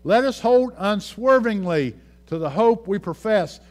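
High-voiced man preaching a sermon. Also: expressive, measured pace, a little mellow. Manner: reads scripture aloud, repeats key phrases. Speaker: pastor.

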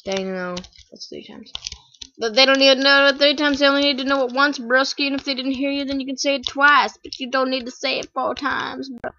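Goofy bright-voiced female let's-player. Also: sits high, level tone, brisk, a little hiss or hum. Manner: goofy, playful, repeats catchphrases. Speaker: gameplay channel host. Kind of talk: let's play commentary. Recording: dull lo-fi home mic.

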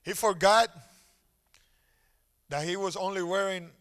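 Animated preacher man, high bright voice. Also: a little slow. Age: middle-aged. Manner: animated, dramatic storytelling. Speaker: pastor. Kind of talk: storytelling sermon.

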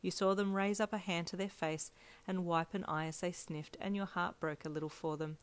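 Low-voiced woman reading a story. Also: steady tone, moderate pace. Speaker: fanfiction narrator. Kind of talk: second-person story narration.

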